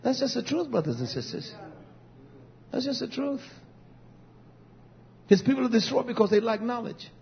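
A man preaching a fiery sermon, swinging from shouting to low murmuring, with repetitive, stumbling restarts. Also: big pitch swings, normal speed, vocal fry, pauses often. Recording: dull lo-fi recording.

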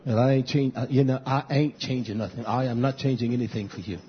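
A man preaching a fiery sermon, blunt and repetitive, swinging between shouts and low mutters, on a muffled lo-fi recording. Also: fairly even intonation, fast talker, slight background noise.

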